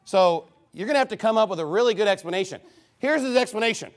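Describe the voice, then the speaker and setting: A man's voice: high voice, animated, fast talker. A man preaching a heated, combative sermon, scornful of his opponents.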